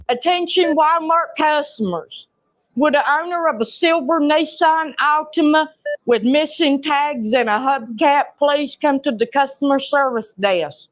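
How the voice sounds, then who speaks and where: A woman with a Southern US accent playing a chatty, gossiping store greeter in a comedy sketch, with a blunt drawling delivery. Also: sits high.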